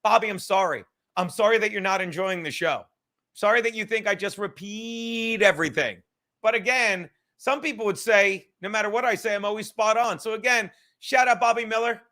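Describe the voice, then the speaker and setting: A man's voice: sits high, moderate pace, bright, forceful tone. A man hosting a podcast, ranting casually with heavy swearing and sarcastic asides. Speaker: podcast host. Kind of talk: casual rant.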